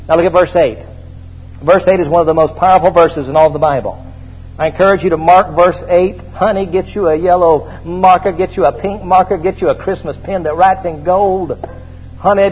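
A man's voice: high voice, fairly quick, husky, highs cut off. A male pastor preaching a sermon in a church, leading the congregation in call-and-response.

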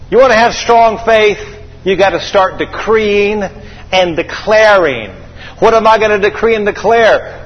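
A man preaching a sermon to a congregation, lively and joking, calling out for amens. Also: high-pitched, husky. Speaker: pastor. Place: church hall. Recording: echoey, slightly dull church hall recording.

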